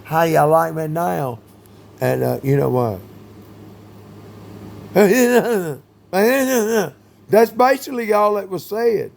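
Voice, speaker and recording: A man talking in a rambling monologue, full of fillers, with sudden loud bursts. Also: high-pitched, animated, extremely slow, creaky, long pauses.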